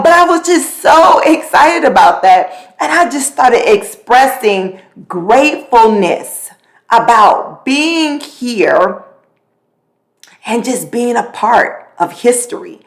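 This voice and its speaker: A middle-aged woman hosting a podcast, talking in a casual monologue and telling her story with lively swings in pitch and pace. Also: vocal fry. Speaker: podcast host.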